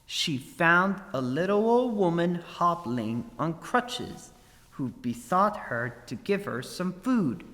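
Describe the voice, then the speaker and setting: A man reading a fairy tale aloud as a storybook narrator, expressive and unhurried. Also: fairly high pitch, in a large hall, rough recording. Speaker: story reader.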